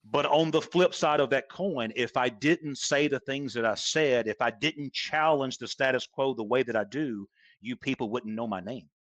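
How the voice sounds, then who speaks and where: A man guesting on a podcast as a golf instructor talks casually but emphatically, repeating points to stress them. His voice is medium-pitched and fairly bright, his pace moderate, with no room sound.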